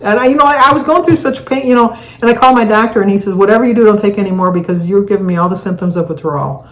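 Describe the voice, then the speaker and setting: Older woman co-host, chatty and rambling, laughs mid-story, mid-pitched voice. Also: very fast, poor audio. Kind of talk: casual chat answering viewer questions.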